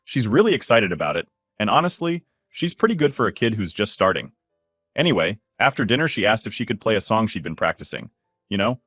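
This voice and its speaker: Man telling a story, low and dry. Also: sing-song, fairly quick, a bit bright, no echo, soft background music. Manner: candid, indignant storytelling with swearing. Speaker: narrator. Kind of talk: first-person story narration.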